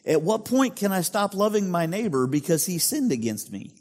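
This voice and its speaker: A man's voice: high-pitched, very animated, moderate pace, darkish tone. A male pastor preaching a sermon in a conversational way, full of rhetorical questions. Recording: long hall reverb.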